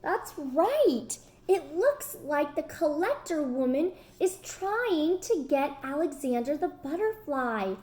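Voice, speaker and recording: A woman reads a picture book aloud to children, high-pitched and very lively in her intonation. She takes her time, speaking slowly and stopping to ask the kids questions. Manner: animated, asks the children questions. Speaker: storyteller reading to children.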